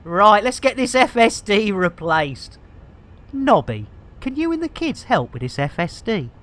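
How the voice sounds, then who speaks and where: A woman's voice: mid-range voice, very animated, measured pace, a bit bright, a little hiss or hum. A woman hosting a live game stream, rambling in a jokey, self-mocking and theatrical way.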